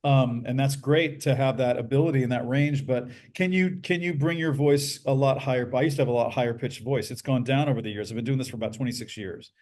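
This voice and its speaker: A middle-aged man with a bass-baritone voice, a voice actor speaking as a podcast guest and explaining things at length in a measured, casual way. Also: steady tone, a little mellow. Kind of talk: casual interview talk.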